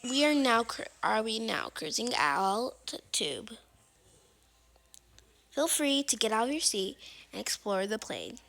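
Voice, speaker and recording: A woman voicing a calm, formal airline pilot making cabin announcements in a polite, stiff tone. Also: a little high, measured pace, gravelly, pauses often, pitched below the performer's own voice, heavily acted.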